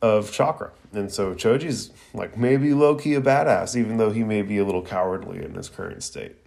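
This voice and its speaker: A man reviewing an anime episode in a casual, slangy, excited way, laughing often. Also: on the low side, normal speed, creaky.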